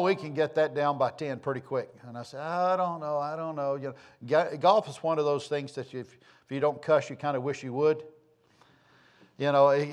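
A man preaching a sermon, a folksy, rambling storyteller who repeats phrases for emphasis. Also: on the high side. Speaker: pastor.

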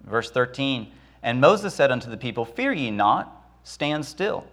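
A man's voice: medium pitch, sing-song, fairly bright tone. A man preaching a sermon who acts out the voices of the people and Moses, with dramatic rises and drops. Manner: dramatic, acts out Israelites and Moses in quick asides.

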